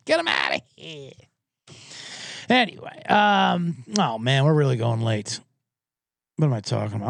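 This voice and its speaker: Man, sports show host, casual rambling monologue, profane, swooping pitch, dry close sound. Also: vocal fry, no echo. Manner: rambling and profane, with animated impressions.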